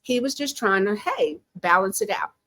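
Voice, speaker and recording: A woman giving casual commentary from home, chatty, animated and opinionated. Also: mid-range voice, normal speed, dry recording. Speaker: pop-culture commentator.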